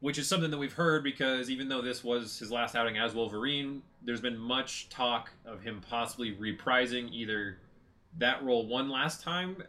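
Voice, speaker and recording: A man hosting a casual podcast chat, retelling movie scenes in a lively way and swearing freely. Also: mid-range voice, moderate pace. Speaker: podcast host.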